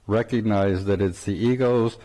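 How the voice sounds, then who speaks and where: An older man leads a spiritual talk, his fairly low voice wandering through a story with restarts. He chuckles often as he speaks. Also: fairly even intonation, normal speed, mellow. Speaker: spiritual teacher.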